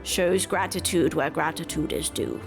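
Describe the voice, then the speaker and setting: A woman voicing a grateful male bird-folk village elder in a deep, slow, stately way, speaking in broken phrases. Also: vocal fry. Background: game music.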